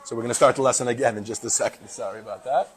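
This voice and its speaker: A man's voice: mid-range voice, fairly even intonation, very fast, faint music behind, rough recording. Chatty New York man teaching a class. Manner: chatty, jokey. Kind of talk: classroom lesson.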